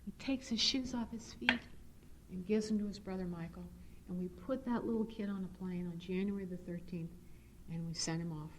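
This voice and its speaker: A middle-aged woman giving a personal testimony at a recovery meeting. She tells her story in an animated, earnest way and shifts into spiritual reflection. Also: normal speed, a little hiss or hum. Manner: animated storyteller, swings to high excited re-enactment. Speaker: speaker sharing at a recovery meeting.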